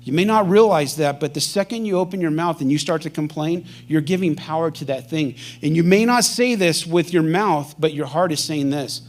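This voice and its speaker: A male pastor preaching a sermon in a church, telling a story with lively acted-out quotes. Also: on the high side, normal speed, few pauses. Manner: animated storytelling, acting out quoted voices.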